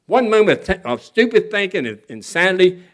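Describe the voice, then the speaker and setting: His voice is high and sing-song, fairly quick, with a fairly bright tone. A guest at a recovery convention, he tells his own story folksily, candidly and earnestly, with some humor, and he imitates people's voices when quoting them.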